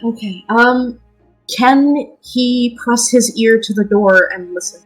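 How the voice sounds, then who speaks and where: A woman's voice: on the high side, slow pace, soft background music. A woman playing a tabletop game, playful and hesitant, laughing often. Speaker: player.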